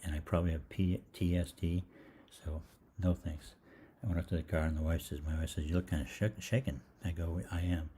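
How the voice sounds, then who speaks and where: Older man, deep husky voice, mellow tone, rambling casual anecdote, acts out quoted lines. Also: steady tone, a little fast, a little hiss or hum. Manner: chatty, acts out quoted voices, frequent ums and restarts. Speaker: holistic health program host. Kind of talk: casual rambling storytelling monologue.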